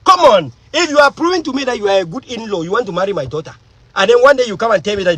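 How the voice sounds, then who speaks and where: Husky, emphatic activist woman. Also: medium pitch, very animated, rapid-fire, no echo, low-quality recording. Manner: emphatic, rhetorical questions. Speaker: political activist. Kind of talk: impassioned political monologue.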